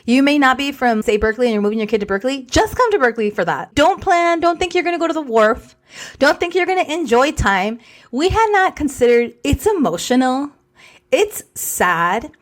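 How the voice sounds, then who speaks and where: Animated woman mixing in Spanish words. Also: sits high, brisk. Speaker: podcast co-host. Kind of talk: casual storytelling chat.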